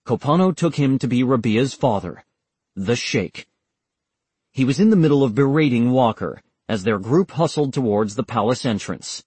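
Male audiobook narrator, husky and dry, steady measured read. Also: medium pitch, no echo. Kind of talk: scripted narration.

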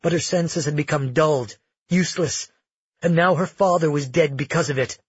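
A man narrating an audiobook in a measured, dramatic storytelling manner. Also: a little high, husky, dry recording, muffled recording.

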